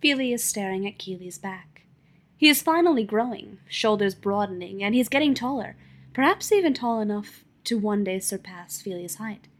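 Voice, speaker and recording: Woman audiobook narrator, calm and measured, mid-pitched. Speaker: fanfiction audiobook reader.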